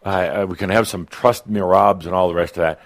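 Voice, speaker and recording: A man's voice: low-pitched, fairly even intonation, fairly quick. A man giving a channeled spiritual talk to a live audience, playful and teasing, laughing at his own jokes and often restarting his sentences.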